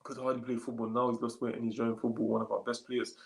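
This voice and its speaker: Guy on a livestream, kinda tired, mid pitched gravelly voice, chill slang. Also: fast talker, roomy sound, poor audio. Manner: relaxed slangy talk, reads comments aloud. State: a little tired. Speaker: streamer answering chat. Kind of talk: casual live stream chat.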